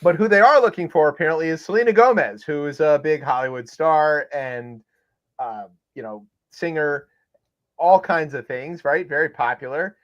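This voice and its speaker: Speaking at normal speed in a slightly high voice, a man co-hosts a comedic news podcast. His casual chat is rambling and sarcastic, loaded with fillers, and the audio is dull and lo-fi.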